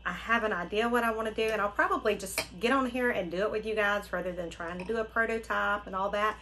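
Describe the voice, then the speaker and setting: Talking quickly in a mid-range voice against a noisy background, a middle-aged craft channel host from Florida gushes to her viewers. She exclaims often while casually unboxing in her vlog.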